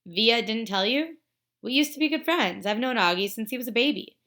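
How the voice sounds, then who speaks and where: A woman's voice: a little high, expressive, moderate pace, fairly bright tone. A woman reading a casual, blunt teen girl. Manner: offhand, casual.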